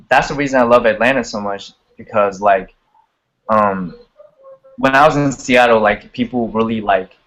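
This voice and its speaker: A man's voice: on the low side, poor audio. A young man chatting casually as a guest on a video call, full of "like" and "you know", swearing freely. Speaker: guest singer and rapper.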